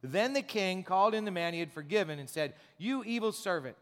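A man's voice: sits high, fast. A man preaching a sermon as a pastor, talking conversationally with rhetorical questions and repeated words. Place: church sanctuary. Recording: long church reverb.

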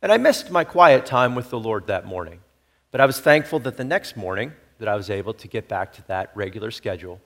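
A man's voice: on the low side, animated, a little fast. Earnest middle-aged male preacher. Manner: earnest, personal storytelling with frequent "right?" asides. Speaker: pastor. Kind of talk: sermon.

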